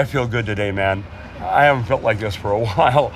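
A man in his sixties speaks in a fairly low voice. He rambles candidly in casual chat and laughs easily. Faint outdoor noise sits behind him. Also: brisk. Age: 60s. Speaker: interviewee, boat owner. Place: outdoors, home and harbor.

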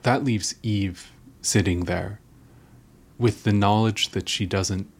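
Deep husky-voiced male interviewer. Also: fairly even intonation, slow. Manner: thoughtful, restarts while framing questions. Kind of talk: conversational interview questions.

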